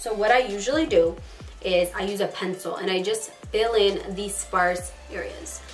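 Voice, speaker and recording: A woman chatting quickly and casually through a makeup tutorial, filling her talk with "like". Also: on the low side. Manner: fast-talking, chatty, lots of "like". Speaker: beauty vlogger. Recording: distant mic, faint background music.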